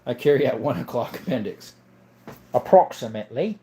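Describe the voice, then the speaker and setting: Man, livestream host, casual chat, relaxed, rambling. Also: medium pitch, brisk.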